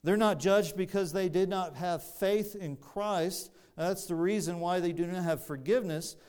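A man preaching a sermon, explaining scripture in a measured way with frequent restarts. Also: high-pitched, darkish tone, smooth.

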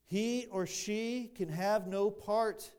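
A man preaching an expository sermon, slow and deliberate, building louder on emphatic phrases, with dry asides to the congregation. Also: sits high, smooth. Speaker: pastor.

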